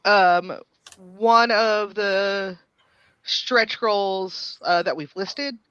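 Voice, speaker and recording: A man's voice: sits high, drawn-out words, bright, forceful tone, clean tone, no room sound. Hesitant male guest on dull line. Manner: hesitant, lots of fillers. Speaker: guest game designer. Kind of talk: casual interview. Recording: dry, dull remote audio.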